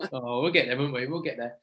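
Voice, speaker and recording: A man's voice: medium pitch, fairly bright tone, low-quality recording. A man co-hosting a podcast as a youth football coach, talking in a rambling, earnest and encouraging way over a remote call. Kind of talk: casual podcast chat.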